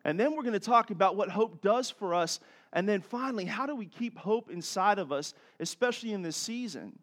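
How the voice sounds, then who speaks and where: A middle-aged man preaching a sermon as pastor, telling stories with animated swings from soft to loud. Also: high voice, brisk.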